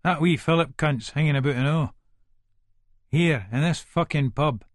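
A man's voice: on the high side, moderate pace, no room sound, clean studio sound, lightly acted. An actor with an Edinburgh Scots accent narrating as a volatile, foul-mouthed Leith man in middle age, in a full-cast audiobook. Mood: menacing. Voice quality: coarse, swearing, menacing. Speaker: first-person narrator.

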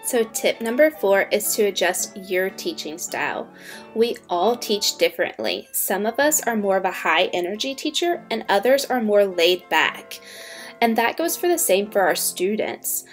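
An upbeat woman teacher talks fellow teachers through classroom tips in a clear, explanatory way. Her pitch sits in an ordinary middle range. Faint music plays quietly behind her. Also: expressive, moderate pace. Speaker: online ESL teacher. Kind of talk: instructional talk to fellow teachers.

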